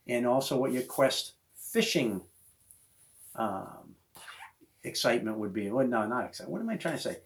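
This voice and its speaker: A man hosting a podcast, telling a hunting story in casual chat and acting out the other people's voices. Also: mid-range voice. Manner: animated storyteller who acts out voices of others. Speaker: podcast host.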